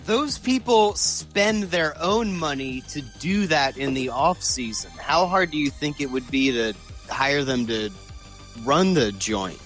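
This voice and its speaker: Dry-remarking man, lively pitch. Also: a little slow, soft background music. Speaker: podcast co-host. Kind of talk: casual comedic chat.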